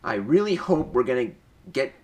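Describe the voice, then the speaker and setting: A man's voice: mid-range voice, sing-song, normal speed, dark tone, breathy edge. A young man giving a casual, eager movie review in a vlog, rambling with frequent restarts.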